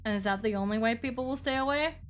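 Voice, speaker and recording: A woman's voice: fairly high pitch, fast, soft background music, natural voice. A woman voicing a patient male cowboy therapist, with a put-on American Western accent and a folksy, reassuring way of talking.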